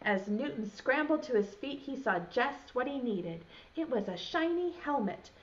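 A woman's voice: sits high, normal speed, slight background noise. A young woman who teaches preschool, reading a picture book aloud to small children and asking them questions. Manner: animated, asks children questions. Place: home, video lesson. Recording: dull lo-fi sound.

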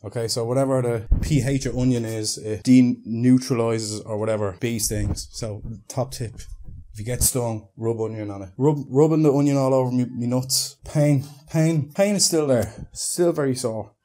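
A young Irish man telling a crude comic story as a vlogger, animated and prone to loud shouted outbursts. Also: mid-range voice, moderate pace.

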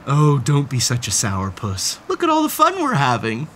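A woman's voice: a bass voice, huge pitch swings, normal speed, slight background noise. Playful woman reading a storybook. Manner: playful, theatrical, talks to the character with gasps and exclamations. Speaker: storybook reader. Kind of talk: children's read-aloud storytelling.

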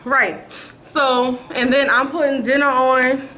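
A woman's voice: sits high, little pitch movement, slow, very noisy. A young woman vlogging at home, chatting upbeat to the camera about her plans. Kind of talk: casual chat to camera. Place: at home, indoors. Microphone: handheld camera.

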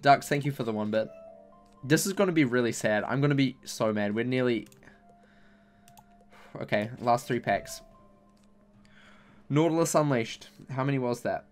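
A man's voice: mid-range voice, normal speed, pauses often, soft background music. A young man commentating casually as he opens game packs, complaining in exasperated, repetitive bursts about his bad luck. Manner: exasperated, repeats himself, mock-angry complaints. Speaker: gaming YouTuber.

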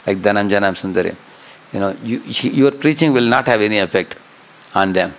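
Guy giving a scripture talk, lowish gravelly voice, keeps asking the room if they follow. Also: a little fast, poor audio. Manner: keeps checking with listeners, "huh?", "correct, no?". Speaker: spiritual teacher. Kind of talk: scripture class lecture.

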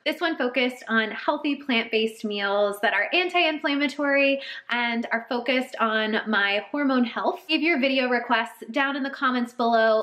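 A woman's voice: high voice, a bit bright. A young woman vlogger talking casually through her cooking at home in a kitchen, chatty and upbeat with frequent "like"s. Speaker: wellness vlogger. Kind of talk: casual cooking vlog narration.

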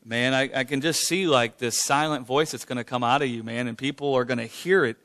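A man's voice: mid-range voice, steady tone, brisk, fairly bright tone. A man leading an informal church question-and-answer session, speaking fervently and often repeating "man" and "Glory to God". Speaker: church leader hosting a Q&A.

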